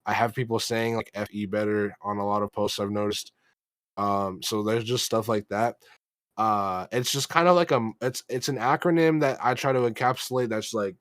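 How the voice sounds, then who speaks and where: A young American man, a rap artist, answering interview questions in a monotone, halting way, with many fillers and restarts. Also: mid-range voice, dry recording. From United States.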